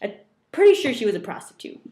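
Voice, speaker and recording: A woman's voice: on the high side, very animated, fast, dark tone. A young woman co-hosting a casual talk show, telling a rambling, giggly story with lots of fillers. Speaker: co-host. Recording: roomy echo.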